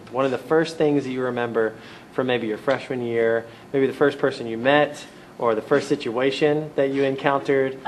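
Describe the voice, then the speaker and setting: A man's voice: mid-range voice, a little hiss or hum. Man asking hesitant interview questions. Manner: friendly, hesitant questioning with fillers.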